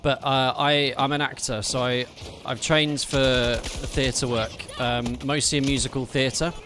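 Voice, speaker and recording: An unhurried game streamer speaks in a mid-range, slightly bright voice with little pitch movement. Slight background noise comes through his streaming mic while he jokes around with viewers and thanks them during live play.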